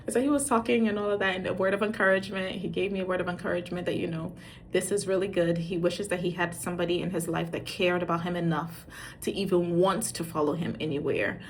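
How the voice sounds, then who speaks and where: A middle-aged woman telling a funny parenting story in a casual, animated way. She acts out the dialogue and pokes fun at herself. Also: on the low side, fast talker, a little hiss or hum. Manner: animated, acts out quoted dialogue, self-mocking. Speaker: parent sharing dating advice.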